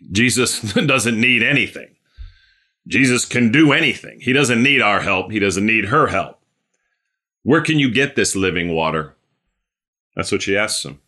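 A male preacher giving a conversational sermon, repeating phrases and filling pauses with "um.". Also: on the low side, sharp tone.

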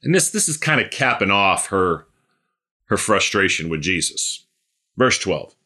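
A male preacher giving a conversational sermon, repeating phrases and filling pauses with "um.". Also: deep voice, sing-song, bright, forceful tone.

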